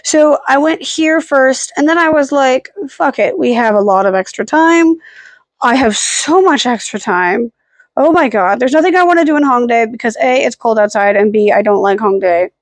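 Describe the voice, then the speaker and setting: A woman's voice: a little high, animated, normal speed, no echo. Rambling young-sounding woman vlogging. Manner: rambling, self-deprecating, with frequent "like" and "um" fillers. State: hiccuping and burping. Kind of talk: rambling casual vlog. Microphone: camera held at arm's length.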